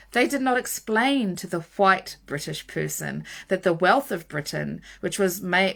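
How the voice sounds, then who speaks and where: A woman reading a nonfiction book aloud, slow and deliberate, leaning hard on each word of a list. Her voice sits fairly low and has a steady gravelly fry running through it. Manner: measured, emphatic reading with stressed lists.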